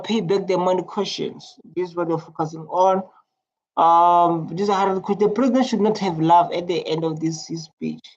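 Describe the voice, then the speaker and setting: South African man, casual reaction commentary, chatty and repetitive, gravelly, muffled lo-fi sound. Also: high-pitched, moderate pace. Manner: chatty, repetitive, filler-heavy. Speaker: YouTube reactor. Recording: lo-fi muffled home recording.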